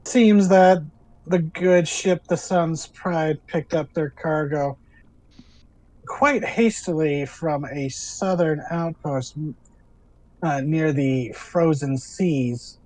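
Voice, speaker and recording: A man's voice: fairly high pitch, slow pace, darkish tone, no room sound, poor audio. A man doing coy old sea hags. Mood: knowing. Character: sly giggling female sea hags, old.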